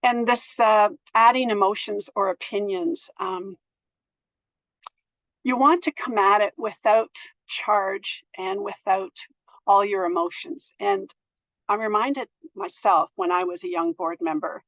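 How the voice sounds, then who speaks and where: A middle-aged woman giving a presentation on board governance in a thoughtful, gentle way, with many fillers and restarts. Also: mid-range voice, measured pace, dry recording, rough recording. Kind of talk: presentation to an audience.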